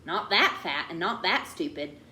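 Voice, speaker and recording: A woman's voice: on the low side, lively intonation, moderate pace, bright, forceful tone. A woman reading aloud and voicing an eager, talkative country boy from Arkansas with a drawl. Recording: roomy echo.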